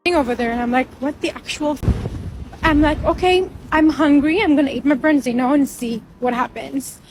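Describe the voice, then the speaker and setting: High-voiced woman telling a date story. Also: normal speed, noisy background. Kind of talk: storytime clip.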